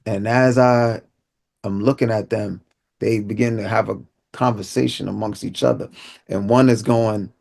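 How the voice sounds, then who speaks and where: A man giving an inspirational talk, telling a personal story vividly and acting out what people said in street slang. He drops low and quiet at solemn moments. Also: steady tone, normal speed, gravelly. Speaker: inspirational speaker.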